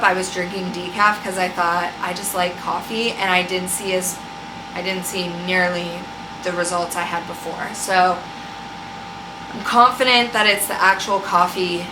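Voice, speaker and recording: A woman's voice: lowish voice, steady tone, normal speed. A young woman vlogging at home in casual chat, frustrated and rambling, swearing freely. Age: young adult. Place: home room with a loud air conditioner. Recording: echoey room, faint hum.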